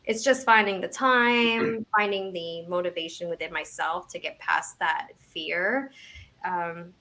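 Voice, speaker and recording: A woman's voice: on the low side, steady tone, a little slow, sharp tone. A woman around forty, guesting on an interview as a memoir author, talking casually with lots of restarts and self-deprecating asides.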